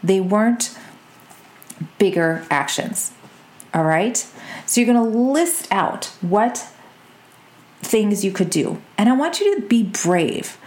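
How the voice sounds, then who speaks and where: A woman, coaching her listeners in an energetic, direct podcast talk and checking in with "okay?" and "y'all". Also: mid-range voice, slow pace, long pauses, roomy sound. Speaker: business coach and podcast host.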